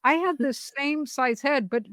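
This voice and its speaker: A woman's voice: high-pitched, a little slow, fairly bright tone, no room sound, clean studio sound. A middle-aged woman co-hosting a podcast in casual chat with a friend, laughing often and telling stories with animation. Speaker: podcast co-host.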